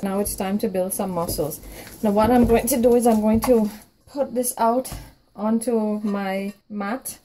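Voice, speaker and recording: A woman leads a home cooking lesson, explaining each step of the recipe with calm encouragement. Her voice is mellow and relaxed rather than bright. A faint background noise sits under her speech in a home kitchen. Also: medium pitch, poor audio. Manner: warm step-by-step instructions with reassuring promises. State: out of breath from kneading. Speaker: home baking cook. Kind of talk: cooking tutorial narration.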